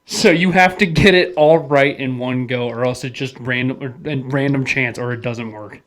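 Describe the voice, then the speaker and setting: A young man in casual podcast banter, voice sitting at a middle pitch. He curses freely and chuckles while explaining things. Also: normal speed. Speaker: podcast co-host. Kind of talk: casual chat.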